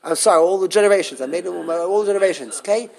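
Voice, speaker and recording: A man teaching a live Torah class, animated and full of questions to the students, often restarting his sentences. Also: high voice, racing, vocal fry, crowd noise.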